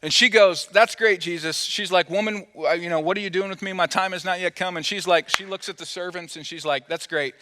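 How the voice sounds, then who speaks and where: A man's voice: high voice, fairly even intonation, quick pace, hardly any pauses, noisy background. A man preaching a sermon as pastor, telling a story playfully and acting out the quoted dialogue. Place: church auditorium. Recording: long hall reverb.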